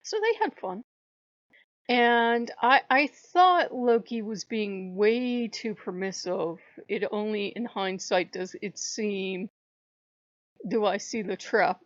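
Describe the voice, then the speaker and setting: A woman hosting a casual spiritual vlog, telling a rambling, animated story and laughing often. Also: mid-range voice, no room sound. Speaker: channel host. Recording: dull lo-fi dry recording.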